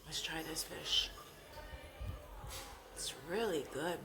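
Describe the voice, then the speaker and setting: A woman's voice: sits low, takes it slowly, over music. A woman vlogger talking casually to camera while eating, chatty and repeating herself. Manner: chatty, repeats herself, talks with mouth full.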